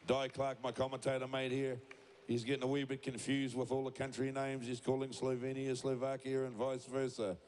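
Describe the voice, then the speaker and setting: A man's voice: mid-range voice, level tone, a little fast, darkish tone. A man announcing competitors and joking about his fellow commentator. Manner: reads names, joking banter about his colleague. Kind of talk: live announcing over a PA.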